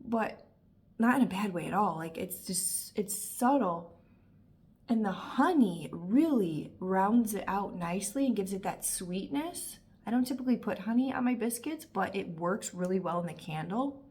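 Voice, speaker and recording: A woman in her thirties talking casually and warmly about candles, gushing and chatty with lots of fillers. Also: medium pitch, animated, normal speed. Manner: gushing, emotional, talkative with frequent fillers. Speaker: candle reviewer. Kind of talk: casual review vlog.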